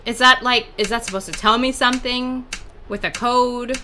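A woman giving horror game let's-play commentary, jittery and swinging from hushed muttering to frantic yelps. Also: on the high side, fairly even intonation, normal speed, noisy background. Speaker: video game player.

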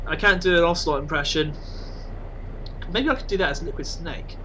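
A man casually commentating on his own game, excitable and self-mocking. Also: a little high, a little fast, long pauses, slight background noise, poor audio. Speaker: gaming channel host.

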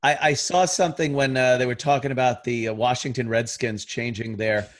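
A middle-aged man, a podcast guest, in a casual chat, talking bluntly with lots of swearing and animated storytelling. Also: medium pitch, fairly quick. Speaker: podcast guest, radio host.

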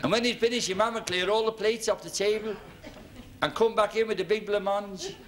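High-voiced comedian, roaring crowd. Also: male voice, steady tone, fairly quick. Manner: reminiscing storyteller, tag questions to the audience. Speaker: stand-up comedian. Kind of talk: stand-up routine. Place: working men's club stage. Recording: 1970s TV club recording, noisy with audience laughter.

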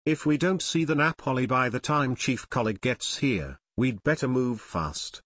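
A man's voice: medium pitch, normal speed, a bit bright, natural voice. A man reading an audiobook, voicing an anxious, determined teenage boy detective. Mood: worried. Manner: anxious and urgent.

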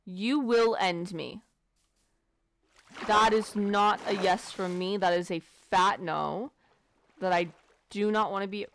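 A woman's voice: fairly low pitch, takes it slowly, a little hiss or hum. A woman casually commentating her gameplay, playful and foul-mouthed, chatting to the animals she meets. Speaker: let's play gamer.

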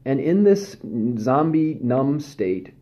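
A man giving a candid, self-deprecating personal testimony, speaking haltingly with frequent pauses and restarts. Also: on the high side, very animated, warm tone. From Southern California.

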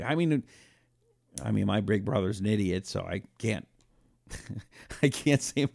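A man's voice: on the high side, vocal fry, no echo, clean studio sound. A man hosting a talk radio show, telling stories and acting out quotes. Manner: animated storytelling, acting out quotes.

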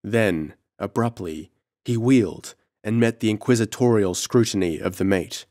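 Deep-voiced man narrating horror. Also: warm tone, no echo, studio quality. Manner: measured, dramatic horror reading. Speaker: audiobook narrator. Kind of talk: scripted narration.

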